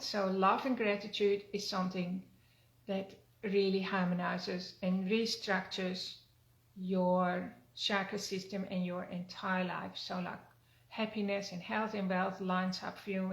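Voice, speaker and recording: A woman teaching a self-help wellness practice, talking gently and repeating phrases, with many fillers. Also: medium pitch, steady tone, measured pace, vocal fry, echoey room, poor audio. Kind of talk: spoken self-help talk.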